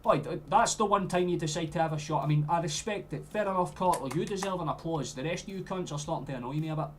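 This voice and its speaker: A young Scottish man streaming a football watchalong, chatting and swearing freely, with sudden loud outbursts at the play. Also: fairly high pitch, fast, a little hiss or hum. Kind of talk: live match commentary to chat.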